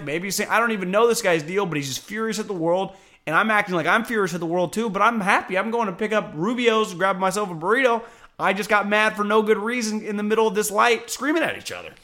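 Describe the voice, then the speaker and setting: A man co-hosting a podcast, telling casual stories in an animated way with plenty of swearing. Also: high-pitched, quick pace. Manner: animated storytelling with profanity. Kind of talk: casual chat.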